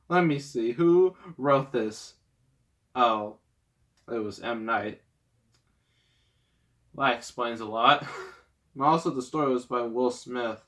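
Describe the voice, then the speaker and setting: Slow, bright-voiced man reviewing a movie. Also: mid-range voice. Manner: rambling, sarcastic, with many fillers and laughs.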